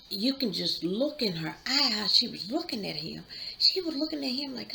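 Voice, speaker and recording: A woman's voice: on the high side, very animated, creaky, sharp tone, slight background noise, poor audio. A woman hosting her channel, chattily retelling a movie plot with asides. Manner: chatty, drawn-out storytelling with asides. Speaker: YouTube channel host.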